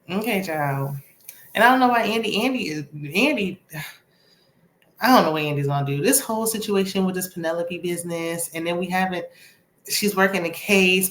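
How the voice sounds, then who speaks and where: A woman's voice: fairly low pitch, roomy sound. A woman casually recapping a TV episode in a chatty, sassy, opinionated way. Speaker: TV recap vlogger.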